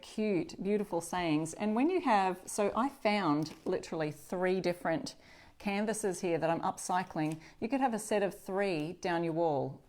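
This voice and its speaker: A woman's voice: fairly low pitch, darkish tone. A middle-aged woman from Australia hosting a live crafting demonstration, talking chattily to viewers and greeting them as they join. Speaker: upcycling channel host.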